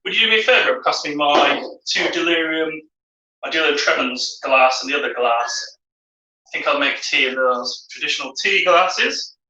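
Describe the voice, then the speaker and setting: Bright-voiced man behind the bar. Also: fairly high pitch, lively intonation, moderate pace, far from the mic. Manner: chatty, explains the cocktail step by step. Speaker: host and bartender. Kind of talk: casual live-stream chat. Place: home bar. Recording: echoey room, off-mic.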